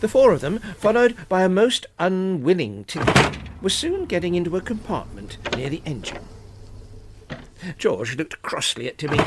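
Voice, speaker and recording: A narrator reading a children's storybook aloud in an expressive, animated way. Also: medium pitch, normal speed. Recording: hissy home recording.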